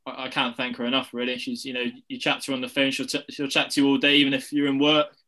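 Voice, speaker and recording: A man with a mid-pitched, bright, forceful voice talking as a guest on a casual podcast. He hesitates with ums and little laughs while searching for words. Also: completely flat delivery, fast talker.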